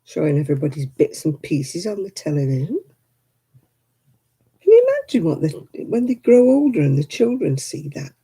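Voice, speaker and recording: A woman's voice: low voice, big pitch swings, normal speed, dark tone, husky, low-quality recording. A woman hosting a crafting livestream, chatting casually with viewers and grumbling about television. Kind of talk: casual chat with viewers while crocheting.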